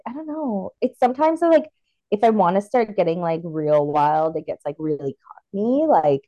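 A woman's voice: mid-range voice, moderate pace, dry recording, highs cut off. A woman chatting casually with a friend as a podcast co-host, blunt and profane in her talk. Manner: blunt, swears a lot, animated.

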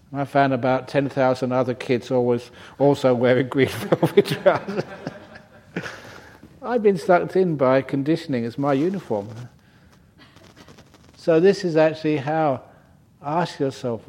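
An older man, a Buddhist monk, gives a humorous dharma talk in a retreat centre hall, teasing and laughing at his own stories. His voice is mid-range and a little mellow, at normal speed with long pauses.

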